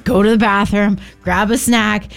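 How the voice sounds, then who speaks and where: A woman's voice: mid-range voice, steady tone, moderate pace, creaky. A woman co-hosting a radio show, telling stories casually and sprinkling in lots of "like". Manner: chatty, lots of "like", laughs at her own stories. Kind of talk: casual storytelling banter. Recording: radio studio with faint music bed.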